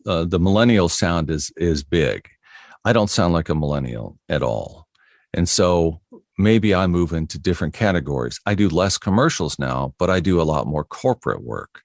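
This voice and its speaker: A middle-aged voiceover artist with a low-sitting voice chats easily in a relaxed interview, sharing anecdotes about his work and chuckling often. The sound is studio quality, with no room sound.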